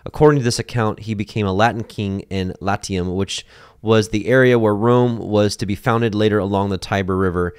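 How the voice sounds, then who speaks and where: A man giving casual bible teaching, animated, acting out people's voices with lots of fillers. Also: fairly low pitch, moderate pace, clear, resonant tone, no room sound, clean studio sound.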